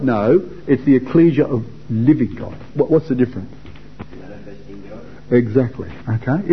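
A man's voice: mid-range voice, lively intonation, measured pace, long pauses. An older man from Australia giving an informal Bible talk to young men, chatty, repeating words and putting questions to his listeners. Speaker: Bible class teacher. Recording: dull lo-fi recording.

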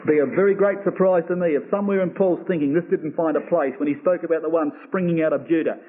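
A man preaching a Bible exposition sermon to his congregation, earnestly asking rhetorical questions and reading scripture slowly. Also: fairly high pitch, fairly even intonation. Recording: tinny phone-like lo-fi recording.

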